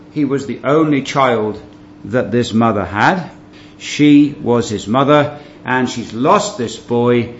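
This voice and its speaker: A man's voice: medium pitch, slight background noise. Emphatic man teaching the Bible, dull recording. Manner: emphatic, stretches key words and asks rhetorical questions. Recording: dull lo-fi recording with faint ambience.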